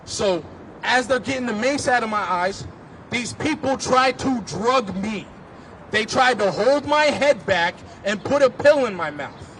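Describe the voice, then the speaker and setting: At a street rally outdoors, a man with a very high voice and lively intonation tells his own story with fervor, unhurried yet rising to shouts at moments. Some faint hiss or hum sits under the audio.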